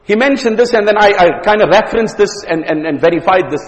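A South African man preaches at a quick clip, with a voice pitched a little higher than most men's. He moves between stories and jokes, often repeating words. A long hall reverb trails behind him. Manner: anecdotal, joking, with repeated words. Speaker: Islamic preacher. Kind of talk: religious lecture.

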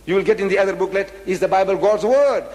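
A man's voice: high voice, fast, darkish tone, in a large hall. A man giving a public religious lecture, emphatic, firing rhetorical questions and repeating his points.

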